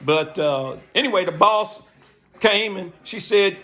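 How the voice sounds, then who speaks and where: Man, high bright voice, chatty shop vlogger who rambles on. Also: unhurried. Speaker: bike builder vlogger. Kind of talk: casual chat to camera.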